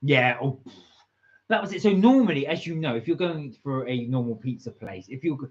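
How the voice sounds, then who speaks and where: A man's voice: mid-range voice, expressive, normal speed. Matter-of-fact man, lo-fi sound. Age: middle-aged. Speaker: vlog co-host. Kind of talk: casual chat. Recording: slightly dull lo-fi audio.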